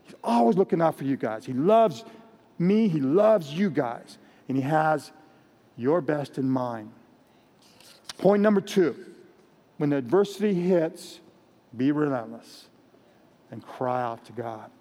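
Pastor, male, Mexican American accent, slightly high voice, earnest and direct, sermon with long hall reverb. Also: lively intonation, unhurried, long pauses, mellow. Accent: Mexican American English. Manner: earnest, direct, repeats phrases.

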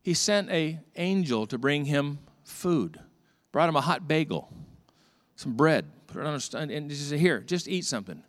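A man's voice: a little high, a little slow, no echo, studio quality. A middle-aged man, a pastor, preaching a sermon and telling stories with acted-out dialogue. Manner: storytelling with lively acted-out dialogue.

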